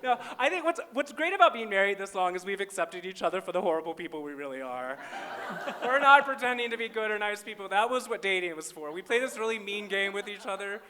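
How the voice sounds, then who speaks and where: A stand-up comedian from small-town Minnesota, a man whose voice sits high and rings bright and sharp. He lands his jokes with wry, self-deprecating timing, performing live on a festival stage into a handheld mic. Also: animated, quick pace.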